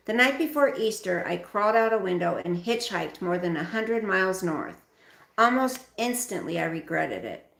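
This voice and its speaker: Gravelly woman reading a memoir aloud. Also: medium pitch, reverberant. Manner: expressive, speaks directly to viewers.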